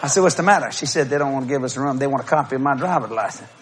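A middle-aged man preaching a humorous storytelling sermon, acting out quotes and bursting into shouts and laughter. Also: medium pitch, expressive, very fast, a little hiss or hum.

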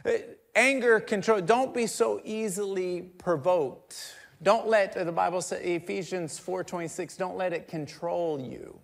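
A middle-aged male pastor preaching a conversational sermon, joking with the crowd and swinging between quiet asides and loud emphatic bursts. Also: high-pitched, unhurried, vocal fry. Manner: conversational, jokes with the congregation.

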